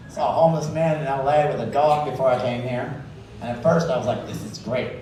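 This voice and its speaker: A man doing a stand-up set, loud and profane, shouting his punchlines. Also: mid-range voice, steady tone, normal speed. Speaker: stand-up comedian. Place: comedy club stage. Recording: echoey club from far off, crowd noise.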